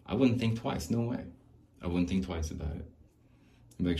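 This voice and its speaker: A man's voice: deep voice, animated, normal speed, gravelly, long pauses, mellow, slight background noise. A man hosting a podcast, talking alone in a loose, rambling way, with lots of restarts, casual swearing and laughs between thoughts. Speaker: podcast host.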